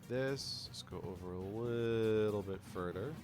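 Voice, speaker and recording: A fairly low-pitched man speaks a little slowly during a casual live stream where he's producing music. A sore tongue leaves him with a slight lisp as he rambles, thinks out loud and leaves sentences unfinished.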